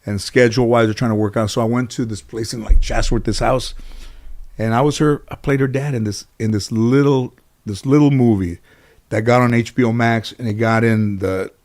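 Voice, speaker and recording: A man's voice: medium pitch, fairly even intonation, moderate pace, a little mellow. A middle-aged American man chats as an interview guest. He tells long anecdotes in a loose, rambling way, full of "you know" and false starts, with a mid-range voice. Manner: rambling, anecdotal, lots of fillers and restarts. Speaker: interview guest, comedian and actor. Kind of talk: casual storytelling in an interview.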